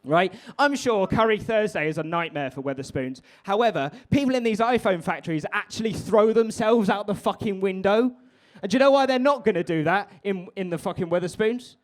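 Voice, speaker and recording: Young man, stand-up comedian, brash and sweary, chats with the crowd, slightly high voice. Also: expressive, brisk. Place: live comedy venue with an audience.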